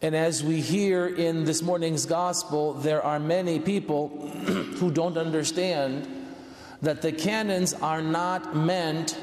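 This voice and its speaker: A high-voiced man delivers a slow, earnest sermon, lifting his voice higher to stress a point. He sounds a little distant in a large church, with a long, ringing reverb behind every phrase. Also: steady tone, a little mellow. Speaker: priest.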